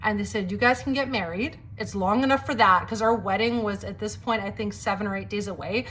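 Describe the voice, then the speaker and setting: A woman's voice: mid-range voice, a little fast, fairly bright tone. Chatty woman with a slight cold. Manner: chatty, many "like" fillers, acts out quoted lines. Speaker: storyteller sharing a testimony. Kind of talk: casual personal storytelling.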